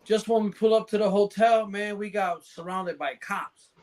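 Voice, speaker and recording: A man's voice: high-pitched, steady tone, moderate pace, a little mellow. A man on a podcast as a guest, telling rambling, profane anecdotes in casual chat and laughing along.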